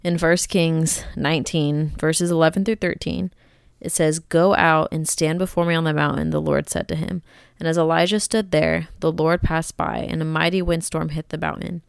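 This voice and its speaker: A woman's voice: sits low, little pitch movement, moderate pace, creaky, clear, resonant tone, no echo, studio quality. A young woman hosting a faith podcast, talking in an earnest, conversational, encouraging way. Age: young adult. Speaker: podcast host.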